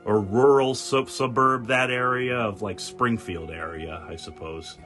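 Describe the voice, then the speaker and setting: A man hosting a casual podcast, telling stories in an animated way and acting out quoted people with laughter. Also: mid-range voice, measured pace, soft background music. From New England. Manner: animated storyteller, acts out quotes, laughs often. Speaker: podcast host.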